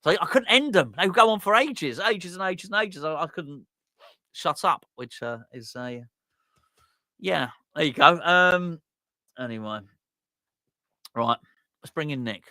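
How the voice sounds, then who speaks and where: Man, fan stream host, rambling chatty talk, bright forceful tone, dry close mic. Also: a little high, lively intonation, unhurried, long pauses, dry recording. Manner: rambling, self-interrupting, laughs at himself. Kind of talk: casual fan watch-along chat.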